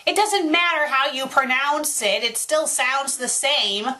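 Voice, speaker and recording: Bright, high-voiced woman mocking a fanfic. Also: lively intonation, a little slow. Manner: exasperated, mocking rants. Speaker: fanfiction critic host. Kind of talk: sarcastic dramatic reading with commentary.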